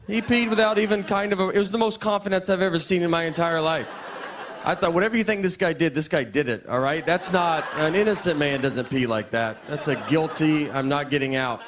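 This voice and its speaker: A middle-aged man doing a stand-up comedy set in a deadpan, halting style, with many restarts. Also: a little high. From Tennessee. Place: live comedy venue. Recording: live set with crowd laughter and noise.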